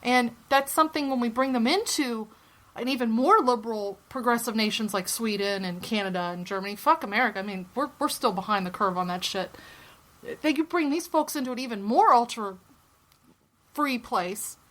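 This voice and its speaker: A woman co-hosting a casual podcast, talking in a heated, profane, opinionated way and swinging her pitch up to stress points. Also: normal speed, a bit bright. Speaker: podcast co-host.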